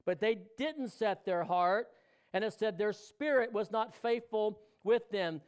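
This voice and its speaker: High pitched pastor guy, smooth clear voice, preaching hard then going quiet, keeps asking the church stuff. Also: unhurried. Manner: fervent preaching that swings between loud exhortation and hushed intimacy; questions the congregation directly. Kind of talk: sermon.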